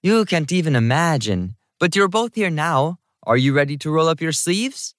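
A man reading an audiobook, voicing a brisk, high-energy woman in her fifties with a slight Jamaican lilt who bosses everyone around. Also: sing-song, no echo, studio quality. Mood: brisk, bossy. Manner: bossy, hurried.

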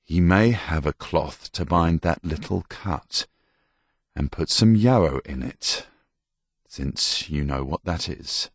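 A man playing a gruff, hot-tempered soldier. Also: a bass voice, slow, no echo, exaggerated voice. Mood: gentle. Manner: barking, scolding.

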